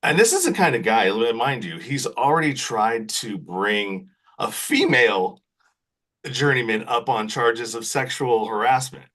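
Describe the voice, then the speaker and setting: A man's voice: mid-range voice, measured pace. A man as a podcast guest, telling a long story in casual chat and often tagging his sentences with "right?". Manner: animated, repeats "right?" often.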